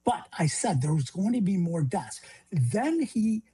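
Husky, impassioned middle-aged man. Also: sits high, very animated, measured pace, mellow. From Illinois, USA. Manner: impassioned, stammering restarts. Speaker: guest, grieving father. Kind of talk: phone-in talk radio interview.

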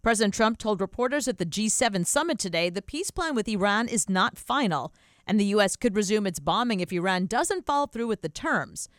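A female news anchor reading headlines in a crisp, measured way. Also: mid-range voice, animated, dry recording, studio quality.

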